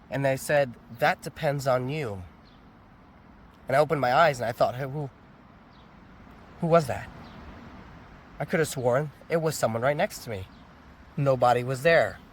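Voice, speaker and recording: Tired man telling a story outdoors. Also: medium pitch. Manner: candid, reflective, laughs at himself. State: tired, recovering from a cold. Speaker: vlogger. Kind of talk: casual storytelling vlog. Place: outdoors near a convention area. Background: faint traffic noise.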